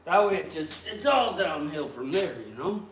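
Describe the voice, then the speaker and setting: A man's voice: on the high side, very animated, normal speed. A man talking crudely and jokingly to himself while working on a skid steer in his shop, grumbling and ranting as he goes. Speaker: vlogger. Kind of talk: casual workshop vlog. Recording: roomy and distant, noisy background.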